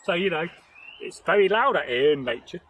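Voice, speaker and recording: Lively intonation and a brisk pace define this fairly high, slightly bright male voice, captured on a rough recording with slight background noise. As storyteller and channel host, he shares a folktale in nature in a rambling, chatty manner, laughing and joking with a companion.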